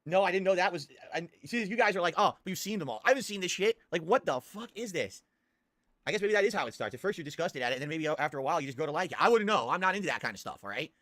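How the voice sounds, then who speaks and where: A man hosting a live stream, reacting to old ads in crude, excitable casual commentary full of swearing. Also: sits high, rapid-fire, no room sound. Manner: crude, swearing, excitable, bursts into loud laughter.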